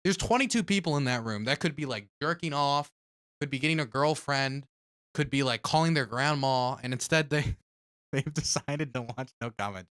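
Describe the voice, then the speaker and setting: A man's voice: mid-range voice, normal speed, fairly bright tone, smooth. A man co-hosting a live stream in casual chat, joking sarcastically about what they watch. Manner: sarcastic, mocking. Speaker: streamer, co-host.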